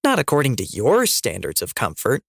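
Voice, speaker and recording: A man's voice: medium pitch, wildly swooping pitch, normal speed, creaky, dry recording, clean studio sound, exaggerated voice. A man voicing a defiant, fierce woman rebel leader in an audiobook reading, cutting and sarcastic in tone.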